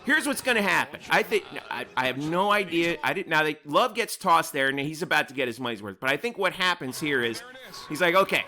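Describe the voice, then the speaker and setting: A man's voice: on the high side, lively intonation, a little fast, few pauses, sharp tone. A man hosting a casual video breakdown of a game, rambling and repeating himself as he talks it through. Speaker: host.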